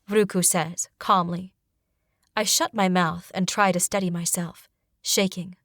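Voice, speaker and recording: A woman reading a fantasy novel in the first person as an audiobook narrator, expressive and dramatic, on a close studio mic. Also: on the low side, measured pace, no room sound.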